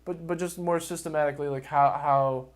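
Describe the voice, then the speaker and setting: Rambling, animated man on a podcast. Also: on the high side, fairly quick. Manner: rambling and animated, laughs often, swears. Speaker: podcast host. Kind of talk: casual podcast chat.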